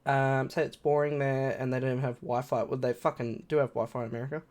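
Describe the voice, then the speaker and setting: A man in his twenties with an Australian accent, commenting on a game in an excitable, swearing way with loud laughs. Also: medium pitch, fairly quick. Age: 20s. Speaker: streamer. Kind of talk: casual gameplay commentary.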